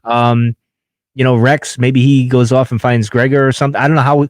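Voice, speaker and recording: A man hosts a casual podcast conversation, talking in a loose, rambling way full of fillers and restarts. His voice sits at a middle pitch. The recording is dry and close, with little room sound. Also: level tone, brisk, dry recording. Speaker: podcast host. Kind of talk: casual chat.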